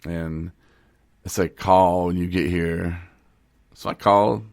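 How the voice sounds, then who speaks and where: A man's voice: deep voice, fairly even intonation, slow, gravelly, dry recording, studio quality. A man from Michigan co-hosting a podcast, joking and teasing, acting out little scenes and laughing often. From Michigan, USA. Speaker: podcast co-host. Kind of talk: joking casual chat.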